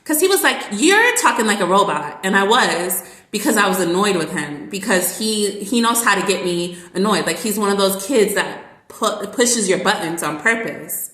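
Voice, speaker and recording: A woman who works as a teacher, talking in a casual, rambling vlog monologue full of fillers and lively asides. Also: medium pitch, moderate pace, few pauses. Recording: roomy echo.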